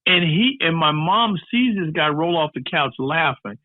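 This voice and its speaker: A man's voice: a little high, moderate pace, dry recording. A man telling a story as an interview guest, playfully acting out the voices of the people in it. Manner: lively, acts out every voice in his stories. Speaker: entertainer and guest. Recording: tinny phone-like, dry line.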